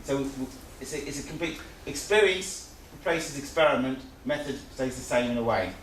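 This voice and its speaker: A man's voice: medium pitch, moderate pace. A man teaching a live seminar in a conversational, repetitive way, often restating his points. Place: seminar room. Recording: echoey room, distant mic, faint hiss.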